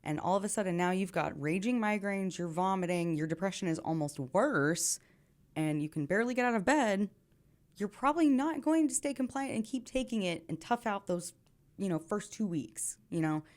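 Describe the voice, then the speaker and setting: A woman's voice: mid-range voice, expressive, moderate pace. A woman hosting a reaction video, chatting earnestly with lots of fillers and now and then dropping to a whisper. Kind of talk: casual reaction commentary.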